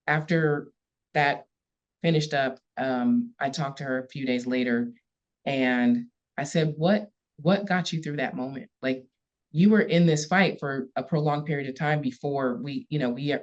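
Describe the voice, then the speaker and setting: A woman's voice: low voice, steady tone, unhurried. Earnest woman police chief, muffled audio. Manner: earnest, repetitive emphasis, gets emotional. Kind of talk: podcast interview storytelling. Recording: slightly dull lo-fi audio.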